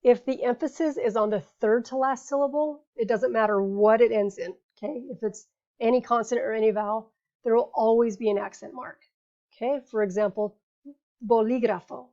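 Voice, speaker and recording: A woman teaching a grammar lesson, patiently explaining rules and saying each example word slowly before repeating it. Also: fairly high pitch, fairly even intonation, dark tone. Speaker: Spanish teacher. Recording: dull lo-fi recording.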